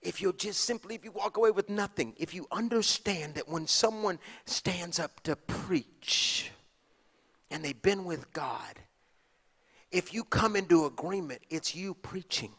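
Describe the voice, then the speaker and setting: A man preaching a sermon, moving from hushed asides to shouted, passionate lines. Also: high voice, a little slow, slightly rough. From Texas. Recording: long hall reverb.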